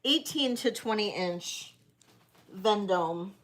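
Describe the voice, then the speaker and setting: A woman hosting a live online sale, chatting casually as she auctions vintage jewelry, with frequent ums and pauses. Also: mid-range voice, lively intonation, fairly bright tone. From United States.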